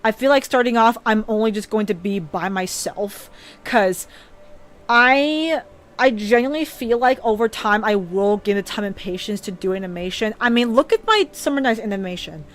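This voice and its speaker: A young woman who streams and animates chats casually and earnestly about her dreams in a mid-range voice at a moderate pace. She often stumbles and restarts sentences, becoming teary and emotional.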